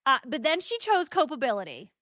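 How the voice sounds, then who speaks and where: A woman's voice: sits high, brisk, no echo. Chatty woman podcast host, dry close mic. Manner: chatty, animated, rambling asides. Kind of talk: casual chat.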